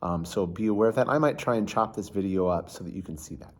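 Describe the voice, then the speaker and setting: A man with a lowish voice gives a casual, chatty violin lesson at a quick pace, full of fillers. He counts beats aloud and sings the rhythms.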